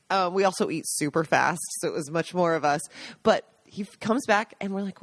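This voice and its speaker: A woman co-hosting a podcast, telling stories in a casual, animated way and laughing often. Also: medium pitch, fairly quick, dry recording. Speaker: podcast co-host. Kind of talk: casual storytelling chat.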